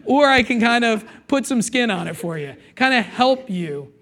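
A man with a notably high voice preaches to his congregation. He talks casually and jokes with the listeners, often checking in with "okay?" and slowing down to repeat the key lines. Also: fairly bright tone. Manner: repeats key phrases, slows down for emphasis. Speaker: pastor. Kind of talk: sermon.

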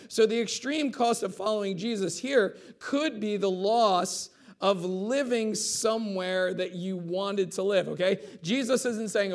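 Male pastor, high-pitched gravelly voice, chatty sermon delivery with frequent asides. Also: measured pace. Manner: conversational preaching, acts out quotes with asides like "okay?".

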